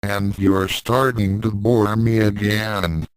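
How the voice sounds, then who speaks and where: A man's voice: lowish voice, level tone, takes it slowly, a little hiss or hum, rough recording. A man voicing a smug invisible talking cat. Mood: mocking. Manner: condescending, dry and mocking. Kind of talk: audiobook reading of fan fiction.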